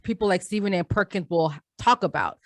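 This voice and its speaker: A woman co-hosting a sports podcast in casual, animated chat, slangy and quick to laugh. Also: on the low side, no echo. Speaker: podcast co-host.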